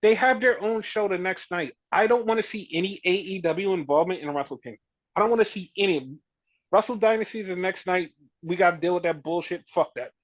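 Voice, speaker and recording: A man's voice: sits high, fairly quick, no room sound, muffled recording. A man co-hosting a podcast, ranting heatedly and profanely, often mimicking fans. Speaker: podcast co-host. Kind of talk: casual opinion rant.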